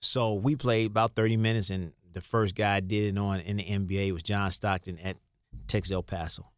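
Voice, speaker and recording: A man's voice: on the low side, fairly even intonation, a little fast, clean tone, no room sound, clean studio sound. A middle-aged man telling loose, rambling basketball stories in an interview, repeating words and laughing now and then. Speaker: interview guest, former basketball player. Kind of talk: casual storytelling interview.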